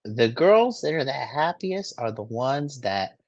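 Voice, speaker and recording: A man's voice: medium pitch, very animated, unhurried, dry recording, dull audio. A man giving crude, mocking commentary on video clips in a swaggering, profane way. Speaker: streamer reacting to clips.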